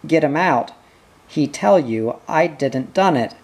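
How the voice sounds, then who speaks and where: A slow, husky-voiced reader voicing a frantic young accused man who pleads in broken, urgent bursts. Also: medium pitch, animated, darkish tone, exaggerated voice.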